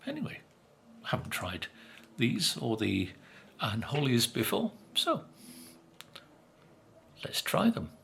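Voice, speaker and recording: Gravelly older man tasting biscuits. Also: mid-range voice, huge pitch swings, a bit bright, a little hiss or hum. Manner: chatty, unhurried, musing with many fillers. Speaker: vlogger. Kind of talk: casual food review.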